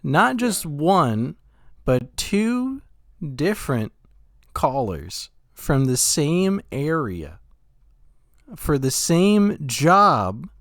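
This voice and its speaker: A young man co-hosting a casual podcast, an animated storyteller who laughs often. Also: a little high, extremely slow, dry recording, studio quality. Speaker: podcast co-host.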